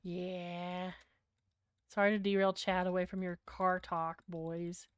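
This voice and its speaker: A woman's voice: fairly low pitch, level tone, takes it slowly, smooth, no room sound. A woman with a British accent, chatting casually and bluntly with her livestream viewers, rambling and swearing freely. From Britain. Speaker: streamer.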